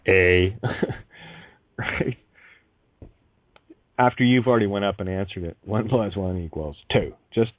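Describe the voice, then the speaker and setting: Speaking at a fairly low pitch, this internet radio host is blunt and emphatic, swearing freely, laughing, and restarting his lines. The audio has no echo and sounds dry and tinny, as if over a phone.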